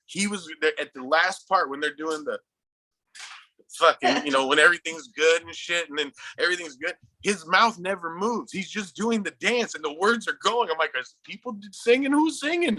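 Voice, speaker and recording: A man co-hosting a casual chat, talking excitedly with lots of swearing and laughter. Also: fairly high pitch, no echo, rough recording. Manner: excitable, profane, laughs a lot while telling. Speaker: podcast co-host.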